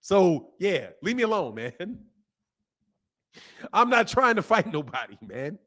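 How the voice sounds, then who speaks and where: A man in his fifties hosting a boxing stream and talking straight back to his chat. He sounds fed up and animated, and his voice sits fairly high and swings a lot. The talk is loose and unscripted. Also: measured pace. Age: 50s. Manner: animated, exasperated ranting at chat. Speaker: boxing channel host. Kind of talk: live stream chat reading comments.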